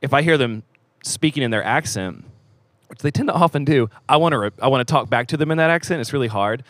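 A man's voice: medium pitch, quick pace, no echo. Jokey man hosting a podcast. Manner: jokey, energetic, playful. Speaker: podcast host. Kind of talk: casual chat. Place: church theater.

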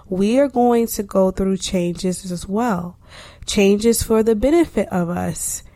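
A woman's voice: medium pitch, warm tone, no echo. A woman co-hosting a podcast in casual chat, talking in an emphatic, preachy way. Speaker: podcast co-host.

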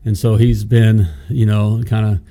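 Man co-host, mellow tone, folksy upbeat talk, repeats phrases. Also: lowish voice, flat delivery, unhurried. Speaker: co-host of a plumbing business show. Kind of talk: casual live-stream chat.

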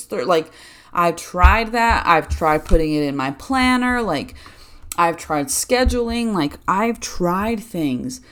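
A woman's voice: on the low side, lively intonation, unhurried, fairly bright tone. A young woman in her twenties talking candidly in a personal vlog, rambling and full of fillers. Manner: rambling, filler-heavy, self-deprecating. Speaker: vlogger.

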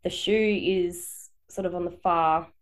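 A woman from Perth, Australia, walks her podcast co-hosts through a case in casual chat, hedging often and laughing easily. Her voice is fairly low, with fairly even intonation, and she takes her time.

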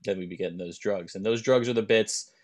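A young man co-hosting a podcast, telling rambling anecdotes and dropping deadpan jokes in casual chat. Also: on the low side, fairly quick. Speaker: podcast co-host.

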